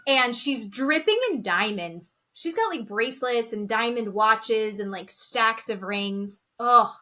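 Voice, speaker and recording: A woman's voice: fairly high pitch, unhurried, sharp tone. A woman co-hosting a podcast, chatting casually and acting out quotes with big swings in her voice. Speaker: podcast co-host. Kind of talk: casual chat recapping reality TV.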